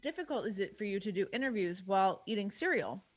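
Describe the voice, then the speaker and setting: A woman's voice: medium pitch, lively intonation, fast talker. A woman guest in a casual chat, talking in a chatty, easygoing way.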